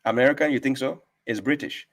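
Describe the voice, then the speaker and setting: Speaking fast at a medium pitch, a live-stream host who gives talks on religion lectures with emphasis. It's a casual debate, and he keeps posing rhetorical questions to his listener.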